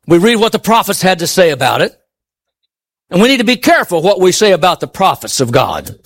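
A man with a high voice preaching a sermon to his congregation. He presses his points with rhetorical questions and swings from ringing high exclamations down to quiet, low murmurs. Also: very animated, fairly quick.

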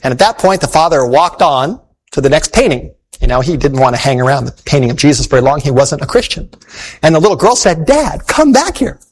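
A man's voice: mid-range voice, lively intonation, quick pace, poor audio. A man preaching, telling an illustration story in an earnest, folksy way before calling listeners to faith.

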